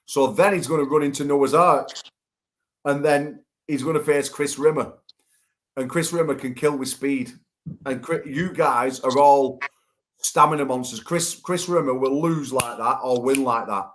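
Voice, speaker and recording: Unhurried and medium-pitched, this show host runs a casual chat show online via video call. He teases his guests, swears with them, and breaks into loud laughter.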